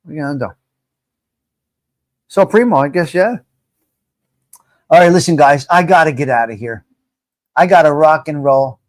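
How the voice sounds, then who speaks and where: High-voiced joking man hosting live chat. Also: normal speed, long pauses. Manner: joking, chatty, addresses viewers directly. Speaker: live stream host. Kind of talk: casual live-stream chat.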